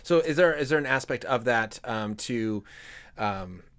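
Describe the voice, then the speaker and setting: A man's voice: mid-range voice, animated, a little slow, fairly bright tone, clean tone. A man hosting a casual interview, asking long, thoughtful questions with some hesitation. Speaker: podcast host.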